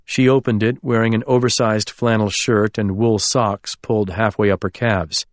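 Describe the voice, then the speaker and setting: A man's voice: fairly low pitch, no echo. Man narrating a novel, dry sound. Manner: measured, literary storytelling. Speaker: audiobook narrator. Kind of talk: scripted narration.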